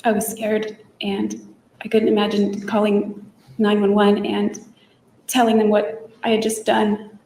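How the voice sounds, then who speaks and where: A woman testifying on the stand in a courtroom, speaking slowly and hesitantly in a subdued way. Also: medium pitch, completely flat delivery, mellow, a little hiss or hum. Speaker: trial defendant testifying. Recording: roomy courtroom audio from far off.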